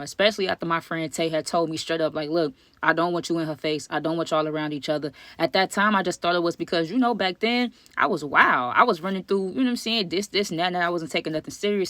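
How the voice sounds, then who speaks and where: Fast-talking woman telling a story. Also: fairly low pitch, dry recording. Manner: animated slang-heavy storytelling, addresses viewers as y'all. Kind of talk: casual storytime vlog.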